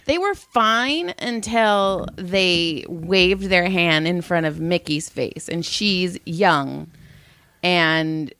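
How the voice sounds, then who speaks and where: A woman with a somewhat low voice tells stories in a casual chat. She is blunt and swears freely. The sound is dry and close, with no room around it. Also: animated, extremely slow, a bit bright, clear, resonant tone, dry recording. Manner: blunt, profane storytelling. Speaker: podcast co-host.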